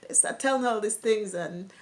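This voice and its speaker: A woman's voice: medium pitch, fairly quick. A young woman vlogger telling her own life story candidly, laughing now and then while recalling hard memories. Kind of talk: personal storytelling.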